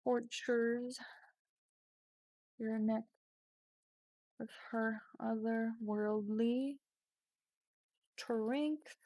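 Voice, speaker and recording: A woman's voice: a little high, steady tone, drawn-out words, pauses often, warm tone, dry recording, clean studio sound. A woman streaming a text adventure game, reading the story aloud with casual swearing and sudden drops into whispers.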